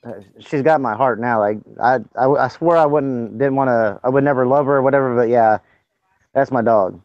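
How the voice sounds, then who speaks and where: A man's voice: medium pitch, moderate pace, dry recording. Man telling rambling stories, dull lo-fi sound. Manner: rambling, profane storytelling. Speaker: podcast co-host. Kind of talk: casual chat.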